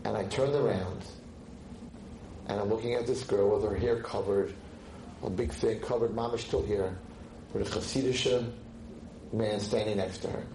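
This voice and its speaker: A man's voice: moderate pace, gravelly, pauses often. A man giving an inspirational lecture as a rabbi, telling a story and animatedly acting out the dialogue. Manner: animated, acts out dialogue with big pitch jumps. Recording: echoey lecture hall, faint noise.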